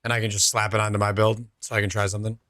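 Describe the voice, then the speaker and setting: A man's voice: on the low side, little pitch movement, very fast, a bit bright, no echo, studio quality. A young man streaming a game, chatting casually with his viewers and answering their messages. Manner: chatty, reads out and answers chat, laid-back. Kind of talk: casual chat with viewers while gaming.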